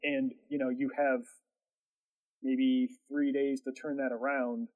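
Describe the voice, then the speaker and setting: A man's voice: mid-range voice, little pitch movement, takes it slowly, phone-quality sound. A man who runs a production company, telling a story in casual chat, rambling with lots of fillers and laughing as he goes.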